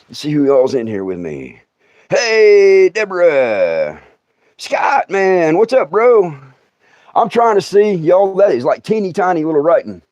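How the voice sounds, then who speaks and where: A man's voice: on the high side, a little mellow, no room sound, highs cut off. A middle-aged man, who laughs often and acts out scenes while telling comic stories on a livestream. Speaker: storyteller host.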